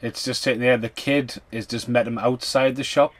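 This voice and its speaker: A man's voice: mid-range voice, fairly even intonation, moderate pace. Chatty man on a film podcast. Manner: loose, chatty, swearing. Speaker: podcast co-host. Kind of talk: casual film commentary chat.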